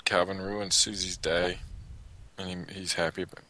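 A man's voice: deep voice, little pitch movement, moderate pace, sharp tone. A man co-hosting a casual chat, impatient and teasing with a sardonic edge. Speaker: podcast co-host.

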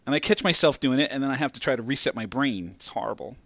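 A man's voice: mid-range voice, lively intonation, quick pace, a bit bright, dry recording. A man hosting a casual podcast, laughing often and swearing freely as he chats. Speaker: podcast host.

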